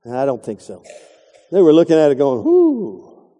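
A man's voice: mid-range voice, fast talker, dark tone, big-room sound. A middle-aged man preaching a folksy, digressive sermon, acting out quotes along the way. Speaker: pastor.

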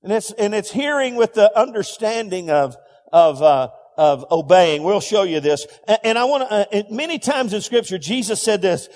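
A man's voice: sits high, darkish tone. A man preaching a sermon, calling the congregation to repeat phrases and crying out scripture. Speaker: pastor. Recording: long hall reverb.

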